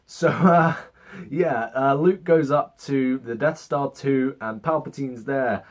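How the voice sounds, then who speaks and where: A young man talks through a film in a loose, casual review, at an ordinary middle pitch. His tone is sarcastic and he swears now and then. He often slips into mock voices to act out scenes. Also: slow pace. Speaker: movie reviewer. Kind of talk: casual spoken movie review.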